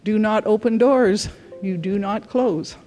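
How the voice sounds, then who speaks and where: A woman's voice: mid-range voice, unhurried, warm tone, faint music behind. A woman giving a conference talk, telling client stories earnestly in short phrases. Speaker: conference speaker.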